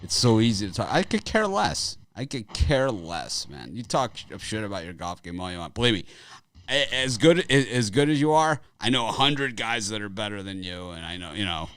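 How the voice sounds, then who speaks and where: A man's voice: lowish voice, lively intonation, brisk, a bit bright, clear, resonant tone, no room sound. A middle-aged man hosting a sports betting show, talking casually in a rambling way and laughing often. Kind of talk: casual chat.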